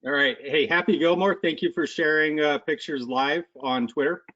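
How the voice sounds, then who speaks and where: A man's voice: fairly high pitch, normal speed, pushed and bright, lo-fi sound. Rambling male cooking-stream host. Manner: loose and rambling, many fillers. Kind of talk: casual chat.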